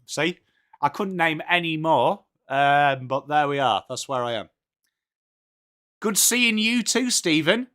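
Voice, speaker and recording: An English male streamer with a slightly higher, fairly bright voice hosts a casual live watchalong. He's friendly and chatty, greeting viewers by name and calling everyone mate.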